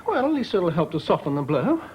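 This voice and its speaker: An actor playing a pompous, self-important middle-aged office manager in a 1990s studio sitcom. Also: male voice, high voice, big pitch swings, a little fast, a little mellow, slight background noise. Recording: dull broadcast sound, studio audience laughter.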